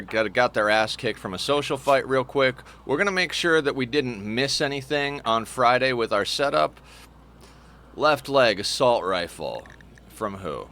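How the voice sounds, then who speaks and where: A man's voice: medium pitch, pushed and bright. A man streaming and commenting on a game in a chatty, rambling way, swearing casually and restarting his sentences.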